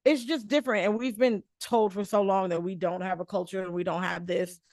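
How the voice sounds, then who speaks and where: A woman's voice: mid-range voice, steady tone, fairly quick, a little mellow, dry recording. A woman in a casual group conversation, blunt, opinionated and freely profane.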